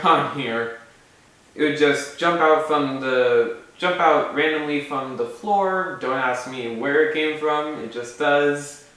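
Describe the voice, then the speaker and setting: A man's voice: medium pitch, a bit bright. A man casually explaining a fan moveset idea in a rambling way, with frequent asides and self-corrections. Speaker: video maker presenting a fan moveset idea. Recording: very echoey room, mic far off.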